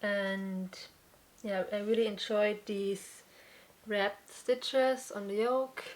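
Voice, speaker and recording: A young woman hosts her own crafting podcast and talks slowly and easily, stopping often with fillers and restarting her sentences. Her breath runs a little short now and then. Her pitch is about average for a woman. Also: fairly even intonation. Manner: unhurried, with many fillers and restarts. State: slightly out of breath. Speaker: podcast host. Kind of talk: casual chat.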